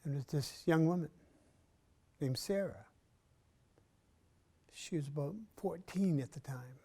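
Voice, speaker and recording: A man performing a traditional story in an arts center, measured and unhurried, with long pauses and often dropping to a soft voice. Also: on the high side, slightly rough.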